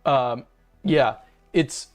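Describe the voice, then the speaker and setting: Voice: medium pitch, very slow, soft background music. A young streamer, self-described femboy, ranting casually and profanely to viewers at a home setup. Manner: profane, rambling, venting. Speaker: streamer, host of the channel. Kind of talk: casual ranting livestream chat. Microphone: webcam and desk mic at home.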